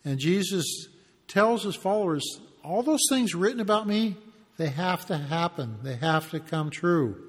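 A man's voice: high voice, lively intonation, a little slow, big-room sound. A man preaching a conversational expository sermon, reading verses and acting out brief taunts as asides. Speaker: pastor.

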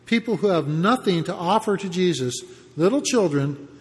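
A man preaching a sermon, explaining the passage in a conversational way with pauses and restarts. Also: high voice, lively intonation, long reverb tail. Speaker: pastor.

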